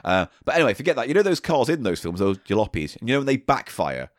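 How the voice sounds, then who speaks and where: A man's voice: medium pitch, big pitch swings, quick pace, dry recording, studio quality. A man co-hosting a comedy podcast, joking crudely and teasing his co-host. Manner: crude, laughing, playful teasing. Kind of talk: casual comedy banter.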